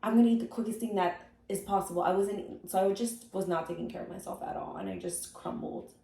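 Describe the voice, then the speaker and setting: A woman's voice: medium pitch, fairly even intonation, fast, dark tone, reverberant. A woman co-hosting a podcast in casual chat, telling a story animatedly and acting out quotes. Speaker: podcast co-host.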